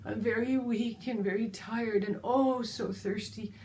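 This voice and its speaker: A woman voicing a weak, thirsty dying tree that speaks faintly and slowly, with sighs. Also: on the high side, fairly even intonation, darkish tone, slight background noise, lightly acted, low-quality recording. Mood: weary. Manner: faint, sighing, slow.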